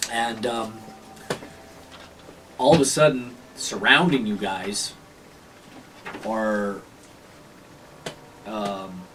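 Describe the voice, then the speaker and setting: A man's voice: fairly low pitch, fairly even intonation, extremely slow, pauses often, recorded from a distance, noisy background. Hesitant man narrating as game master. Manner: hesitant, many fillers and restarts. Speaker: dungeon master.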